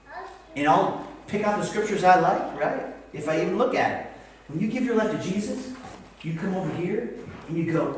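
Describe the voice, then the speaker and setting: A man in his forties preaches with a lively, swooping delivery and a somewhat high pitch. He acts out the voices he quotes. The sound is very roomy and picked up from a distance, with faint room hiss behind him. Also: moderate pace. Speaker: pastor. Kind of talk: sermon. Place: church sanctuary. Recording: echoey church hall mic from a distance.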